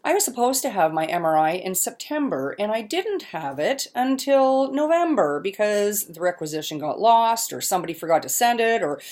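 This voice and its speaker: A middle-aged woman talking casually in a home vlog, chatty and self-deprecating, laughing often and sometimes pausing mid-sentence to find a word. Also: mid-range voice, sing-song, darkish tone. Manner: pauses mid-sentence searching for words. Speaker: vlogger. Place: at her mother's home.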